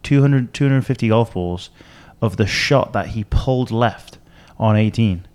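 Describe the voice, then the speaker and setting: A man's voice: lowish voice, unhurried, a little mellow. A man co-hosting a podcast, telling a long story in casual chat with many fillers and restarts. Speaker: podcast co-host.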